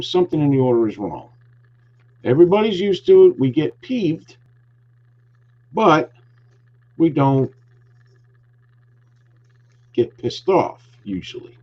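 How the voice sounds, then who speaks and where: A man's voice: medium pitch, slight background noise. A man hosting a talk show, telling an angry story with lots of swearing and heat. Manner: profane, heated ranting storyteller. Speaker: podcast host. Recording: dull lo-fi recording.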